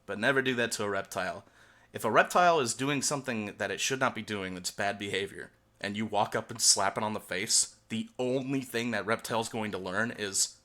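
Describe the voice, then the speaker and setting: Crude young man, bright and breathless. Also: lowish voice, brisk. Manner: crude, profane and animated, swinging loud when worked up. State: short of breath. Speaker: vlogger. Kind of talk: rambling storytime monologue.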